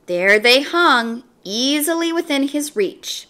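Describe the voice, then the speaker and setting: A woman reading a children's book aloud, slow and expressive. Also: on the high side. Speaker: storyteller.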